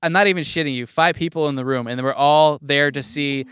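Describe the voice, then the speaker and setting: A podcast co-host tells a story with plenty of cursing, acting out the people he quotes. His voice sits a bit high and sounds smooth. The sound is dry and close. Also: fast, no echo. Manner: animated storyteller, profane, mimics people he quotes. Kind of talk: casual chat.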